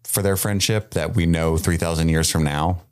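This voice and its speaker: A man's voice: low voice, moderate pace, smooth. A man co-hosting a podcast, chatting casually about a fantasy series and joking around. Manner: animated, jokey, puts on silly voices for characters. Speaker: podcast co-host. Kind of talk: casual chat.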